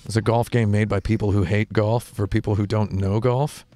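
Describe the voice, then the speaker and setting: A man hosting a casual interview in a small studio, deadpan and rambling, with music behind. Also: fairly low pitch, normal speed, dry recording. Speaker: host.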